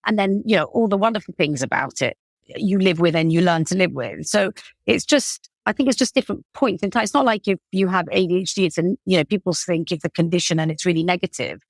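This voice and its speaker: Fast-talking with a fairly low pitch, this British-accented woman from England, in her forties, chats as a podcast guest about her cake business. She's self-effacing and uses plenty of fillers, recorded cleanly in a studio with no echo.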